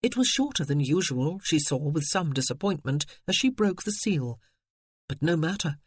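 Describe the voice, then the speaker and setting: An audiobook narrator reads a period romance with expressive storytelling. The voice is mid-pitched and recorded dry and close, with no room sound. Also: moderate pace, breathy edge, no room sound. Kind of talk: scripted narration.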